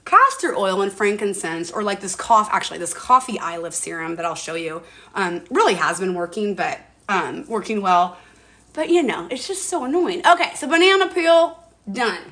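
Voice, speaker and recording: A chatty woman in her forties talks to her viewers from home. She sounds bubbly and loose, with a mild curse here and there. Her voice sits at a middling pitch. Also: lively intonation, normal speed, sharp tone. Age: 40s. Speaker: skincare livestreamer. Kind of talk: casual live-stream chat.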